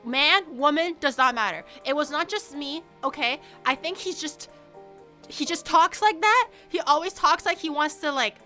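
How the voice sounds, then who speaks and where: A woman streamer chatting casually and telling stories in an animated way, laughing often. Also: sits high, normal speed, faint music behind. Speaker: VTuber streamer.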